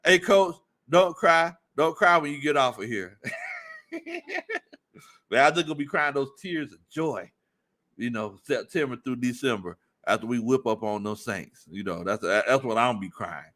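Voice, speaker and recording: A man hosting a casual sports livestream, reading viewer comments aloud and breaking into loud laughter. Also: medium pitch, moderate pace. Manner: laughs often, loud animated outbursts. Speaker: sports stream host.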